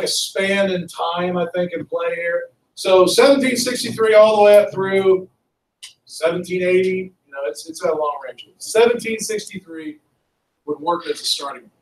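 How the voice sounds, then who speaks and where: A male history teacher lecturing a class in a lively, conversational way and asking students questions. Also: sits high, slight background noise. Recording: echoey classroom from far off.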